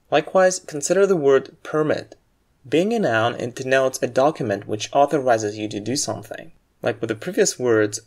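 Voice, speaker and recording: Speaking at medium pitch with a slightly mellow quality, a man delivers a scripted lesson on aviation English. He lays out word stress in a clear, measured manner and reads sample sentences aloud.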